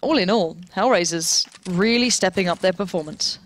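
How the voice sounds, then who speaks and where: A man's voice: moderate pace, a bit bright, slight background noise. Male esports caster, voice leaps in plays. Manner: pitch leaps high in big plays. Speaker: esports commentator. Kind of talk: live esports play-by-play.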